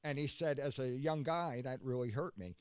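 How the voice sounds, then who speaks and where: A man talking in a casual chat, halting and full of fillers as he recalls his comedy past. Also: mid-range voice, a little mellow, clear, resonant tone, no room sound. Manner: halting, full of "uh" and "you know".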